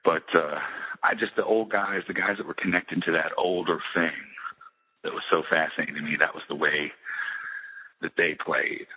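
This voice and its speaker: A middle-aged musician talking in a casual interview, rambling with many restarts and fillers. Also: male voice, low voice, steady tone, normal speed, husky. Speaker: musician guest. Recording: tinny phone-like roomy sound.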